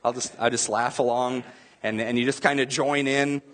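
A man's voice: medium pitch, fairly even intonation, normal speed, fairly bright tone. A man preaching a sermon as a pastor, talking to the congregation in a loose, conversational way. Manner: conversational preaching with acted-out crowd voices.

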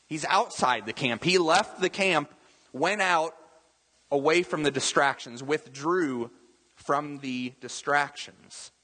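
A man's voice: a little high, takes it slowly, pushed and bright. A man preaching a sermon in a conversational way, full of rhetorical questions and asides to the congregation. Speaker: pastor. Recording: reverberant hall.

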